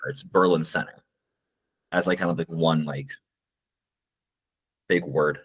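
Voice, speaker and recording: A man co-hosting a podcast, chatting casually in a halting way with lots of fillers. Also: very deep voice, steady tone, breathy edge. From United States. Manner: rambling, halting, full of fillers. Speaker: podcast co-host. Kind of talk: casual chat.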